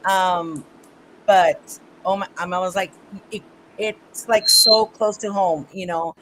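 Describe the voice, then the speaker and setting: Female radio host, enthusiastic, halting questions, faint background noise. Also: on the low side, steady tone, fairly bright tone, low-quality recording. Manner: enthusiastic, halting, with many fillers. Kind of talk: casual radio interview.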